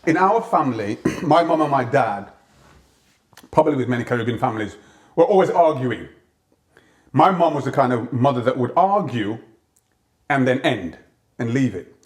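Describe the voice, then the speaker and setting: A man's voice: mid-range voice, lively intonation, moderate pace, long pauses. A man, a gospel comedy performer, reminiscing in an interview, reflective and given to restarting phrases.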